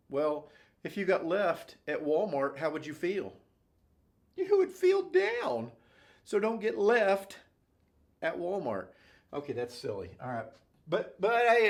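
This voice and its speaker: Lively, jokey male engineering instructor. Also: on the high side. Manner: playful, jokey, checks in with constant "okay?" and "right?". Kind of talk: classroom-style lecture at a whiteboard.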